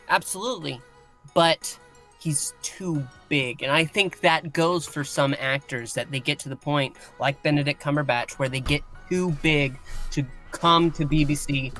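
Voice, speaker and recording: A man co-hosting a casual podcast chat, weighing his opinions slowly with many fillers and restarts. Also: a little high, bright, forceful tone. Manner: measured, hesitant, with many fillers. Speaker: podcast co-host.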